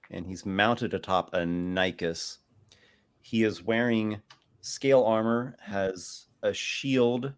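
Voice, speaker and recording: A man narrating a tabletop game as game master, in a relaxed, rambling way. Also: sits low.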